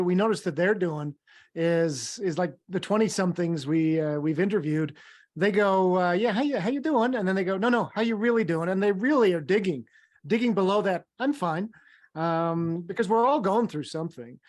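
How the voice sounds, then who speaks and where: High-voiced male coach, friendly and encouraging, asks the group questions. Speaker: leadership trainer. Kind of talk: facilitating a training call.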